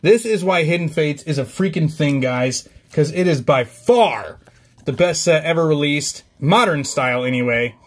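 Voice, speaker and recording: A man's voice: fairly high pitch, lively intonation, moderate pace. Hyped man hosting a card-opening vlog. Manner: hyped, chatty, rattles off card names. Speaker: card-opening channel host. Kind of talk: excited casual pack-opening vlog.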